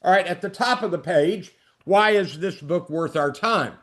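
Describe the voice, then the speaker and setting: A man with a fairly high voice presents a book briefing webinar. He works through numbered highlights in a brisk, emphatic manner, like a practiced lecturer. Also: a bit bright.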